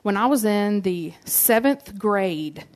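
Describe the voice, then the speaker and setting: A woman's voice: medium pitch, lively intonation, slow. A woman, giving a sermon and telling personal stories in a conversational, humorous way. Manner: conversational and humorous, addresses the audience directly. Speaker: speaker giving a church message.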